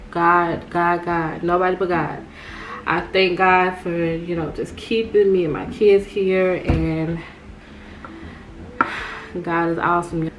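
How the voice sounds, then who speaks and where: Woman, young adult, slow unhurried delivery, animated storytime vlog, faint hiss. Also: on the low side. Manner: animated storytelling, addresses viewers as y'all. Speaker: vlogger.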